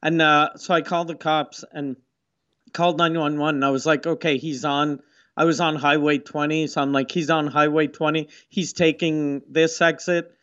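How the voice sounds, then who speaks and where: A man with a slightly high voice talks loosely on a podcast, cursing often and acting out little quoted exchanges as he tells a story. The sound is a bit dull and lo-fi. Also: little pitch movement, moderate pace, fairly bright tone, smooth. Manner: profane, storytelling with quoted asides. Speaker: podcast co-host. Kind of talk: casual chat.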